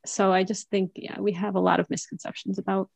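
A woman in her thirties talks as a podcast guest in a loose, chatty way, full of fillers and quick laughs. Her voice has a gravelly, creaky edge. The recording is dry and close, with no room sound. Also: mid-range voice, flat delivery, darkish tone, dry recording. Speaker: podcast guest, French teacher and mother. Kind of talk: casual conversational interview.

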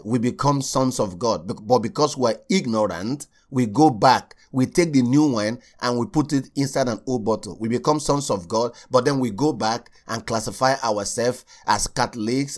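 A man preaching a sermon, repeating key lines slowly for stress and speaking straight to his listeners. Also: medium pitch. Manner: addresses listeners directly as sir and uncle.

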